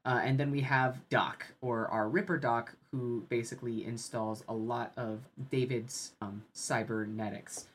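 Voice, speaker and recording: A woman with an unusually deep, low voice hosts a casual podcast chat. She talks in a measured, deadpan way, a little like a newscaster. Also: slightly rough. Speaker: podcast host.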